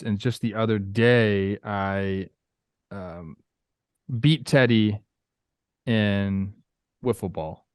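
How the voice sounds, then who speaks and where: A man co-hosting a sports talk show, telling joking stories in an animated way. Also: on the low side, no echo, clean studio sound. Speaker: co-host.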